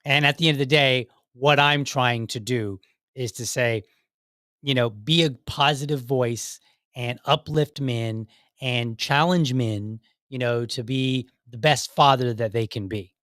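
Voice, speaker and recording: A man hosts his own show in a loose live-stream chat, rambling and circling back with fillers and restarts. His voice sits at a middle pitch. The recording is dry and close, with no room sound. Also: measured pace, a bit bright, dry recording. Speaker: podcast host. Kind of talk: casual live-stream talk.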